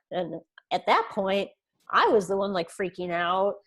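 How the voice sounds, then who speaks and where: Speaking a little slowly in a mid-range voice, a podcast guest in her thirties earnestly recounts a personal experience. She retells events by quoting people's dialogue.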